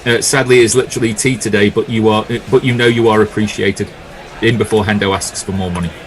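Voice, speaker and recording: A man co-commentating on cricket, reading listener messages in relaxed, jokey chat. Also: fairly low pitch, fast talker, slight background noise, low-quality recording.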